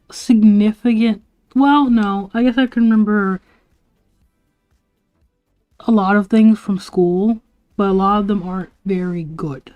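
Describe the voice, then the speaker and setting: A woman's voice: mid-range voice, dull audio. Rambling young woman telling school stories. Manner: rambling, laughing, lots of "like" and "bro". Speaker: livestreamer. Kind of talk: casual storytelling to a live chat.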